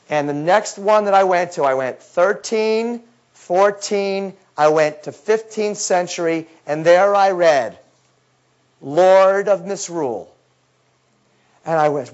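A man with a fairly high voice gives a lecture, acting out his own past words as he tells the story. He swings from brisk reading down to low, intense asides. The recording sounds dull and lo-fi. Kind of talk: lecture talk.

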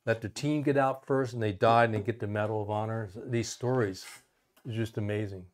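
A man's voice: fairly low pitch, fairly even intonation, a little fast. A man as a guest in a casual chat, speaking modestly and measuredly.

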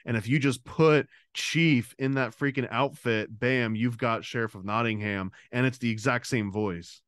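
A man's voice: mid-range voice, moderate pace, a bit bright, clean tone, dry recording, studio quality. A man co-hosting a podcast, talking casually at length with some restarts. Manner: conversational, talkative with restarts. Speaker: podcast co-host. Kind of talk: casual chat.

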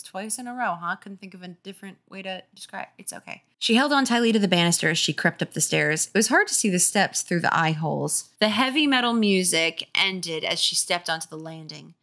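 A woman's voice: lowish voice, fairly quick, hardly any pauses, fairly bright tone. Tipsy woman reading with wry asides. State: tipsy from drinking. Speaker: host reading a children's horror book. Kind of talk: comic book reading.

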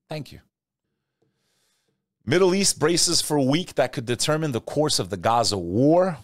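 A man hosting a podcast, talking casually and animatedly, swinging between loud rants and quiet asides. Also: mid-range voice, dry recording, clean studio sound. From Albanian family. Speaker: podcast host. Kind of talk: casual talk-show commentary.

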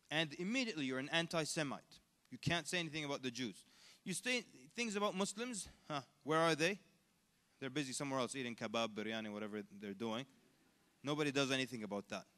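A man giving a conversational, animated lecture at a convention, asking the audience questions as he goes. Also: a little high. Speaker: Islamic lecturer. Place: large convention hall. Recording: echoey hall.

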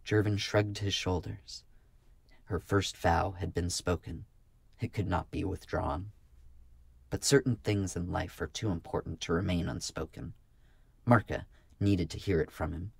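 A man narrating a fantasy novel as an audiobook, in a steady, even storytelling manner. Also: deep voice, normal speed, gravelly, dry recording. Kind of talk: scripted narration.

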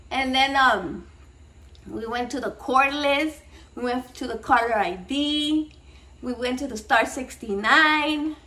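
High-voiced, profane woman. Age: 30s. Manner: profane, excitable, switching between English and Spanish slang. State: a little shaky and nervous. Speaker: cooking vlog host. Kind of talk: casual rambling chat to camera. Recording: voice a bit far from the mic.

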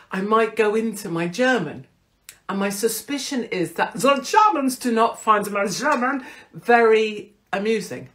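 A woman's voice: medium pitch, expressive, a little slow, a bit bright. Brash, swearing British woman host. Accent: British English. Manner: brash, swearing, self-mocking. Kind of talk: casual monologue.

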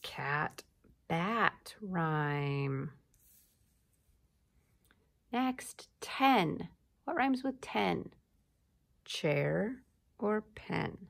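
A woman teacher giving a slow, encouraging recorded lesson to young children, prompting them to repeat words. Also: on the low side, expressive, vocal fry, fairly bright tone.

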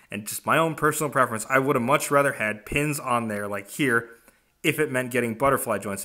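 A man's voice: mid-range voice, sharp tone. A man hosting a casual toy review, blunt and opinionated with slangy asides, pointing things out as he goes. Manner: demonstrates and points at objects as he talks.

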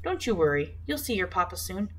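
A woman's voice: fairly low pitch, very animated, fairly quick, a bit bright, slight background noise. A woman reading a fretful loving grandmother. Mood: concerned. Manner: comforting, alarmed at times. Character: anxious loving elderly grandmother.

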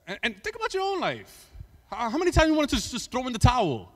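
A man preaching as a pastor, candid and emotional, moving between hushed storytelling and emphatic preaching, with conversational restarts. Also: very high-pitched, wildly swooping pitch, fast. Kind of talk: sermon. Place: church sanctuary. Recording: church hall with long reverb.

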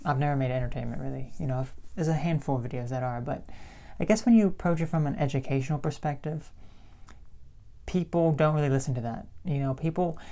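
Young woman YouTuber with a low, calm voice; thoughtful casual chat to camera. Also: fast. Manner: calm, even-toned and reflective. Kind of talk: casual talking-to-camera vlog.

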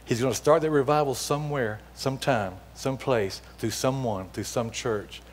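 A middle-aged male guest preacher telling a story from the pulpit, with a voice of middling pitch. He acts out the dialogue with lively energy, then drops into a hushed, earnest appeal. His voice rings with long reverb in a church sanctuary. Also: normal speed, slight background noise. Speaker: guest speaker. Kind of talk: storytelling sermon.

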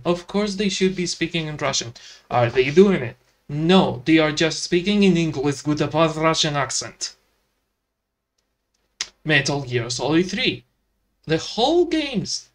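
Man doing sarcastic, profane let's-play commentary with a fairly high voice. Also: a bit bright. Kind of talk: gameplay commentary.

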